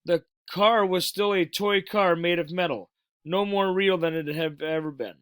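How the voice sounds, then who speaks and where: A man reading a children's novel aloud in a steady, plain manner with small stumbles. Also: sits high, normal speed, smooth, dry recording. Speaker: reader. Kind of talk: storybook read-aloud.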